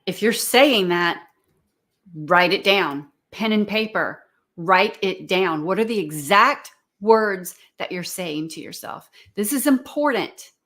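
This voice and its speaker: A woman's voice: medium pitch, lively intonation, slow, a bit bright. A middle-aged woman coach leading a live-streamed talk, earnestly putting probing questions to her viewers.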